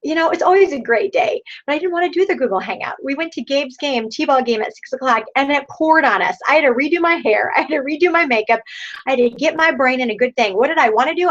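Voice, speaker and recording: A woman in her thirties gives her sales team a motivational pep talk over a video call, firing off repeated rhetorical questions to rouse them. Her voice sits high and a bit bright, and the online call sounds dull and lo-fi.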